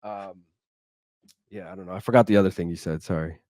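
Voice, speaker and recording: A man's voice: sits low, steady tone, a little fast, a little mellow, dry recording, clean studio sound. Laid-back young man chatting on a call. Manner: laid-back, says "dude" and "like" a lot. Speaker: podcast guest. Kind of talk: casual chat.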